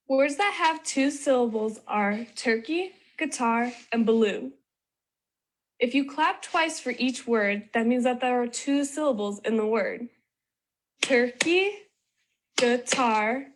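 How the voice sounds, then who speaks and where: Slow, bright-voiced woman teaching children. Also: on the high side. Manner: slow, clear, sing-song teaching delivery. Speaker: children's video presenter. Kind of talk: scripted educational narration.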